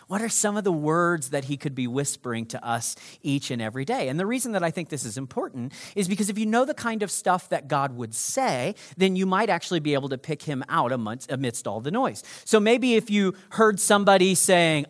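A male pastor delivers a sermon with lively, expressive pitch. He swings from loud, punchy emphasis down to hushed whispers. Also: brisk, hardly any pauses. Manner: animated, swings from shouting to whispering.

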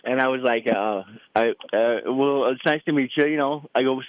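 A middle-aged father telling a family story in a casual, animated way, acting out the voices he quotes. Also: mid-range voice, normal speed, no room sound, lo-fi sound. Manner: animated, acts out quoted voices, many restarts.

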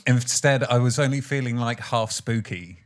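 A man's voice: medium pitch, normal speed. A young man hosting a casual podcast chat, laughing often and feeling a little under the weather. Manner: laughs often, loose and chatty. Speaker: podcast host.

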